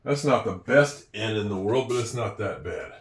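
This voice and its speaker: A man's voice: on the low side, animated, moderate pace, distant mic. A man giving a patient, step-by-step handwriting lesson, with a few self-deprecating asides. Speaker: teacher. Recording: echoey room, voice a bit off-mic.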